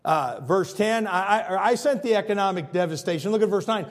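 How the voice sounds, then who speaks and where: A man preaching an expository sermon, animated and dramatic, acting out quotes and repeating himself. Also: high voice, a little fast, few pauses, big-room sound.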